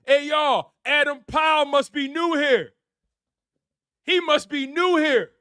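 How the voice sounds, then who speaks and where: A man's voice: very high-pitched, takes it slowly, sharp tone, no room sound, clean studio sound. A man hosting a live sports stream, delivering a repetitive, preachy rant in heavy slang. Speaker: sports show host.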